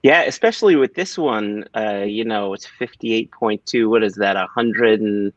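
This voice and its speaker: A man's voice: on the low side, normal speed, no echo, lo-fi sound. A man who co-founded a whisky company, joking and self-mocking on a video call, sometimes swearing. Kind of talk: casual livestream chat.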